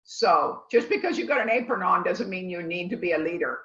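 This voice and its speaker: Low-voiced woman teaching a cooking class. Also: animated, fairly quick, a bit bright. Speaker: culinary instructor. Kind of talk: online class lecture. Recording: echoey, dull lo-fi audio.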